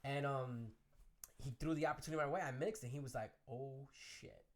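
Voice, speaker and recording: Fast-talking man telling a story. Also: mid-range voice. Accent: Chicago. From Chicago area. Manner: animated storyteller, acts out quoted voices. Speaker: guest DJ. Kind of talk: casual interview storytelling.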